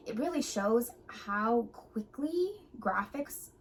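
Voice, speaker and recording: Woman in her late thirties, chatty co-host, slightly high voice, faint hiss behind. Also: lively intonation, slow. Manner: chatty, many fillers. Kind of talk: casual movie reaction chat.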